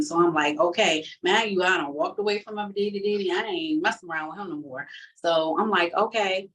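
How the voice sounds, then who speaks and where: A woman tells her personal testimony in a relaxed, conversational way. Her voice sits fairly low, and she animates the story by acting out the people in it. She sounds a little distant from the microphone. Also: brisk. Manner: casual, conversational speech.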